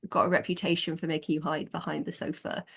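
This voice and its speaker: A woman talks as an interview guest in a replayed clip, her voice a little low. She sounds eager and fond of what she discusses. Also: level tone, fast talker, creaky, a bit bright, slightly rough. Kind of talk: casual interview chat.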